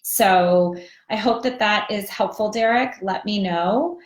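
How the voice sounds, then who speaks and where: A woman's voice: mid-range voice, slow pace. Chatty woman coach in an echoey room. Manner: chatty, lots of ums and you-knows. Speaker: divorce recovery coach. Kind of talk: live webinar teaching. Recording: roomy echoey sound.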